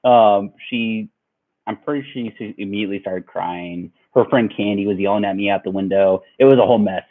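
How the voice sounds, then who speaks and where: A man's voice: on the low side, a little fast. Rambling young man telling a story. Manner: rambling, laughing storyteller with many fillers. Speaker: vlogger. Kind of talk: storytime vlog. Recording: tinny phone-like sound.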